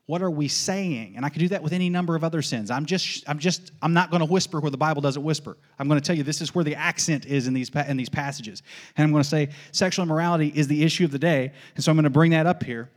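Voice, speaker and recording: A man's voice: on the high side, quick pace. Emphatic pastor, man with raised voice. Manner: emphatic, repeats questions and answers in a catechizing rhythm; folksy asides with light laughs. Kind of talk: sermon.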